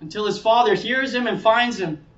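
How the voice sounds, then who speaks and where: A man's voice: high voice, moderate pace, a bit bright. A man preaching a sermon in an earnest way, now and then acting out the voices of people in his story. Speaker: pastor. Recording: echoey hall, speaker far from mic, dull sound.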